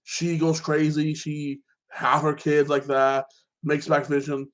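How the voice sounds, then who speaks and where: A man excitedly recapping a movie in a casual chat, rambling and filling his talk with fillers. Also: a little high, takes it slowly. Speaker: podcast host.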